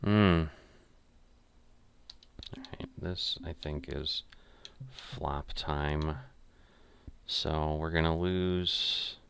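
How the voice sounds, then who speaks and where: A man's voice: very deep voice, steady tone, very slow, long pauses, a bit bright, clear, resonant tone. An older man muttering casual, self-critical commentary as he plays a golf game. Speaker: gamer playing a golf simulator.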